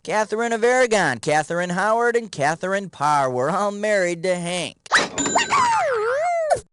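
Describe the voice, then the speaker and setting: An actor playing a wisecracking, energetic quiz game show host. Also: male voice, sits high, normal speed, smooth, no room sound. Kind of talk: scripted game show hosting. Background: game music.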